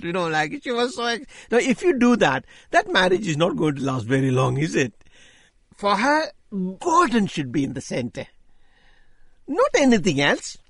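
Older man, preaching testimony, animated rising voice, rather high, dry close sound. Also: breathy edge, no echo. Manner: voice rises when speaking with excitement; emphatic, repeating key phrases. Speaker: Christian speaker giving testimony. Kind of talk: sermon-style testimony with stories.

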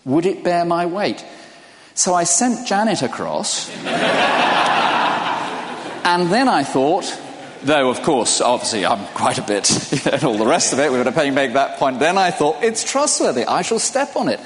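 A man's voice: on the high side, very animated, a little slow, long pauses, a crowd in the background. Older man preaching in a reverberant hall. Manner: conversational, asks the listeners questions. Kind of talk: sermon.

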